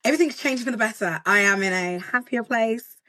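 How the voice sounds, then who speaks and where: A woman's voice: on the high side, fairly quick, sharp tone, no room sound. A woman from Britain, a content creator chatting as an interview guest in a bubbly, boisterous way. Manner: bubbly, boisterous, laughs often. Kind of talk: casual interview chat.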